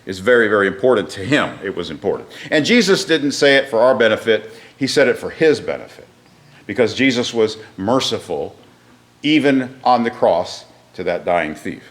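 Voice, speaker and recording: A man's voice: lowish voice, very animated, moderate pace. A man teaching a Bible class, explaining a passage step by step and putting questions to his listeners.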